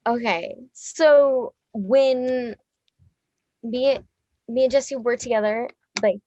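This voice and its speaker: A woman in her thirties, a musician being interviewed, talking in a rambling, excitable way, swearing freely and laughing often. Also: on the high side, slow, no room sound, dull audio. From Texas. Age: 30s. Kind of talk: casual chat.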